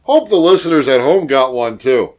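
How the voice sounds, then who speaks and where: A man's voice: mid-range voice, expressive, moderate pace, a little mellow. A man co-hosting a casual podcast, throwing in dry wisecracks. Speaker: podcast co-host. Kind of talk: casual joking chat.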